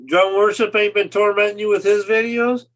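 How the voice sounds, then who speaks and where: A man hosting a casual podcast, easygoing and quick to laugh, often trailing off quietly. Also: high voice, flat delivery.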